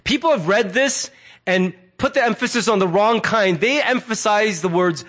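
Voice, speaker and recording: A middle-aged male pastor delivering a sermon in a loose, conversational way, with a fairly high voice for a man. He slips into quick quoted asides as he talks. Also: animated, a bit bright.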